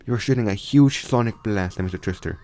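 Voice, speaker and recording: Young guy w a low voice telling a fan story, lots of restarts and fixing his words. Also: a little fast, darkish tone. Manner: rambling with frequent restarts and self-corrections. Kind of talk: casual retelling of a fan story.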